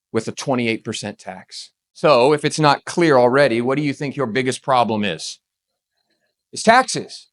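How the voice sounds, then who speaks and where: A man giving a motivational presentation on real estate tax strategy, with a punchy, emphatic, rapid-fire delivery. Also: on the high side.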